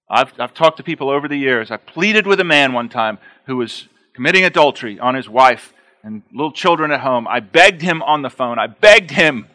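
A man's voice: mid-range voice, expressive, fairly quick, pushed and bright. A man preaching an expository sermon, reading scripture aloud and breaking in with plain-spoken asides, repeating key phrases for emphasis. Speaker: pastor.

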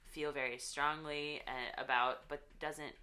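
A woman's voice: low voice, steady tone, a little slow, sharp tone. A young woman guesting on a podcast, talking in long rambling runs full of fillers. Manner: rambling, filler-heavy, laughs often. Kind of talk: casual podcast chat.

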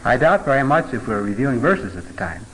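A man's voice: medium pitch, big pitch swings, brisk, noisy background. A middle-aged man teaching a Bible passage in a folksy, conversational way, with joking asides and filler words.

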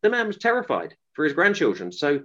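Here is a man, somewhat higher-voiced than most, who recounts an episode earnestly and at length. He often stops and restarts mid-sentence. The recording sounds dull and lo-fi. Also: huge pitch swings, brisk, fairly bright tone. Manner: earnest, rambling with restarts and acted quotes. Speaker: author guest. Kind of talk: interview storytelling.

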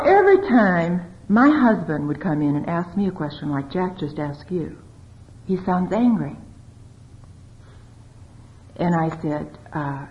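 A woman speaking to an audience about marriage, confiding and lively, acting out bits of dialogue as she tells stories. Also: lowish voice. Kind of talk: talk to a live audience. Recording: dull lo-fi recording.

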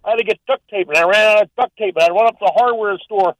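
A man's voice: high-pitched, racing, hardly any pauses, no room sound. A male caller ranting and joking in a stammering, agitated way over a distant phone line. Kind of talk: phoned-in rant.

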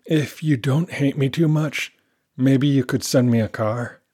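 A man's voice: medium pitch, unhurried, mellow, pitched above the performer's own voice, close to an everyday voice. Amina, a man doing a downcast young girl hero. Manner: apologetic and downcast. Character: discouraged young girl would-be superhero.

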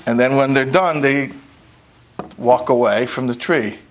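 A man giving a conversational lecture, telling a parable in an animated, plain-spoken way. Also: mid-range voice, a little slow. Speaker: speaker. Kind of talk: storytelling lecture.

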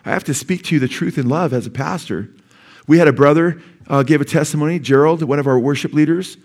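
A man's voice: fairly high pitch, fast, a little mellow. A man preaching a sermon as pastor, earnest and urgent, with sudden emphatic rises in his voice. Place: church sanctuary.

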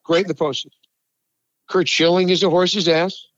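A man from the New York area co-hosts a sports talk show, ranting hard and swearing freely. His voice sits high for a man. The recording is dry and a little muffled. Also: steady tone, moderate pace, fairly bright tone, no echo. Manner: ranting, profane, emphatic, heated. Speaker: sports talk podcast co-host. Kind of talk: heated sports talk chat.

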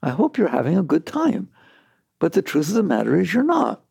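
A man giving a spiritual talk to an audience, animated and rhetorical, with laughing asides. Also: a little high, fairly quick, vocal fry, breathy edge, no echo, studio quality. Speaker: spiritual teacher.

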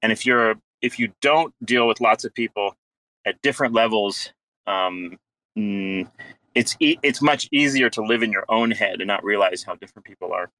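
A man in a casual online voice chat, speaking reflectively and pausing on fillers as he thinks. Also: lowish voice, pushed and bright, rough recording. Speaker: Twitter space speaker.

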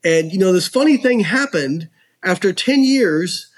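A man being interviewed on a podcast who tells stories and explains research in an animated, earnest way, filling his talk with "like" and "you know.". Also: high voice, unhurried. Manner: earnest, frank. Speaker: podcast guest. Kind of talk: casual storytelling and explaining research.

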